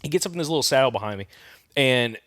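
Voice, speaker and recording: Southern guy on a podcast mic, animated hunting yarn, mid-pitched voice, dry sound. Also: fast, no room sound. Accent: Southern American. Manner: animated storyteller, imitates turkey calls and sounds. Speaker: podcast co-host. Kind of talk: casual hunting story. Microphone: studio microphone.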